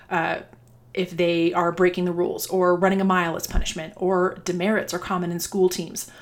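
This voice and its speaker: Earnest woman coach, slightly low voice. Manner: earnest, conversational, restarts and fillers. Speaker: dance team coach. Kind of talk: instructional talk to coaches.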